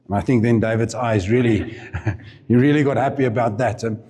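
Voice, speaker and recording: Preacher guy, chatty sermon, mellow tone, big hall echo. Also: mid-range voice, a little fast, slightly rough. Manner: chatty and informal, with asides and laughs. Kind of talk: sermon storytelling. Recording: reverberant hall.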